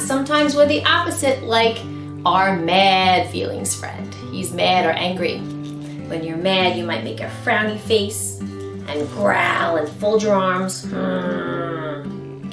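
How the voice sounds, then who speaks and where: A woman as a children's librarian, singing and talking to toddlers in an animated, sing-song way with exaggerated expressions. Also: mid-range voice, slow pace. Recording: roomy sound with guitar music.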